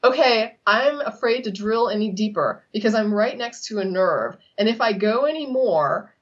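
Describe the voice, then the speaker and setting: In a relaxed conversation she co-hosts, a woman from Texas spins lively stories, laughs often and performs others' quotes. She speaks at a normal pace with medium pitch, through slightly muffled lo-fi sound.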